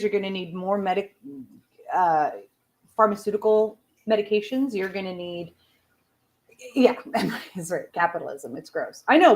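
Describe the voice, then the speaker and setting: A woman hosting a casual talk-radio show, ranting with lots of swearing and chatting about her day. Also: mid-range voice. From outside the United States. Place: home studio, smoking while on air.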